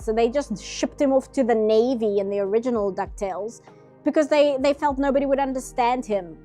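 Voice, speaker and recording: Chatty South African woman, higher voice. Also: warm tone. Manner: chatty, enthusiastic, laughs often. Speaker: artist streaming live. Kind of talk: casual chat while drawing. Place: home office.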